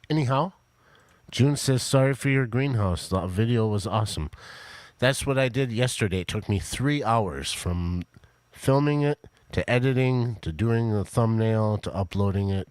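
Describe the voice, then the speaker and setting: Low-voiced man rambling to his live chat. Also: no echo. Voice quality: low flat monotone voice. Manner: rambling, talks to chat, fillers and restarts. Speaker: live stream host. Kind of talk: casual live stream chat.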